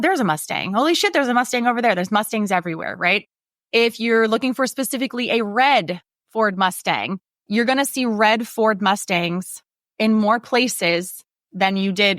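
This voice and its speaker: A woman's voice: medium pitch, fairly bright tone, dry recording, clean studio sound. A woman in her forties hosting a podcast, talking in a candid, casual motivational way, swearing freely and laughing often. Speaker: podcast host.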